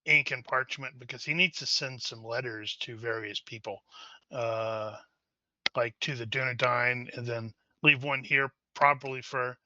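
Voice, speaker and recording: Bright-voiced male tabletop player. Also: medium pitch, steady tone, a little slow, dry recording, lo-fi sound. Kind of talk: casual tabletop game chat.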